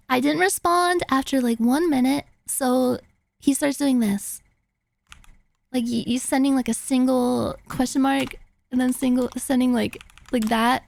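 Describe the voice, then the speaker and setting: A young woman streamer telling a story in casual chat, animated and full of fillers and swearing, acting out the lines of the people in it. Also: high voice, unhurried, vocal fry, long pauses. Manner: animated, filler-heavy, swearing, acts out quotes.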